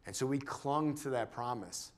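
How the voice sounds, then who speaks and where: Brief: man giving a church testimony, earnest and halting, mid-range voice, restarts often. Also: mid-range voice. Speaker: church member sharing a testimony. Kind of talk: personal testimony talk.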